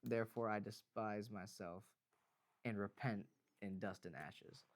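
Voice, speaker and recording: A man's voice: lowish voice, steady tone, measured pace. A man co-hosting a podcast, chatting casually about the Bible and reading long scripture passages aloud, with fillers and laughs. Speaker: podcast co-host. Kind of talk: casual Bible study chat.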